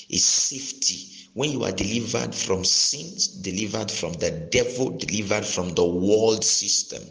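Male preacher, low voice, teaching sermon, repeats phrases and checks in with the listeners. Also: creaky, fairly bright tone, rough recording.

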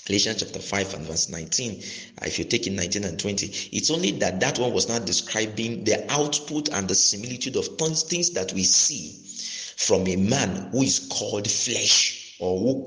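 Male preacher, low voice, teaching sermon, repeats phrases and checks in with the listeners. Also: fairly bright tone, poor audio.

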